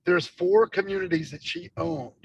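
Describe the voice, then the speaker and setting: Brief: male agent, fairly high voice with gravel, motivational coach on a video call. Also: very animated, moderate pace, dull audio, a little hiss or hum. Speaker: real estate agent and team leader. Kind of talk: casual group video-call discussion.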